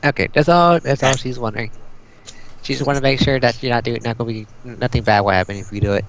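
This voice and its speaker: A man's voice: medium pitch, fast, a little hiss or hum, poor audio. A man playing a tabletop game who carefully asks the game master questions. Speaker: player. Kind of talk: casual game chat.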